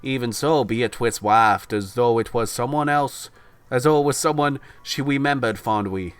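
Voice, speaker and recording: A man's voice: mid-range voice, normal speed, clean tone, no echo. Young man reading a story aloud. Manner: laughs easily, self-deprecating. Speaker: podcast host, reader. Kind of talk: reading a visual novel aloud.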